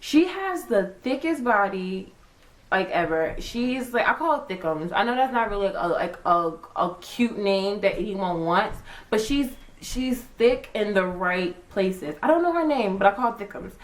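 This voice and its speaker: A young woman vlogger chatting casually, acting out her own reactions with big jumps in pitch. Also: expressive, normal speed, rough recording. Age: young adult. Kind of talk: casual chat.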